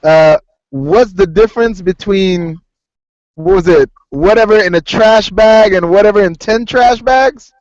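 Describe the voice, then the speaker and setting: A man's voice: high voice, measured pace, darkish tone, no echo. A man hosting a podcast in casual chat, laughing often and swearing as he tells stories. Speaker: podcast host. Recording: dull lo-fi sound.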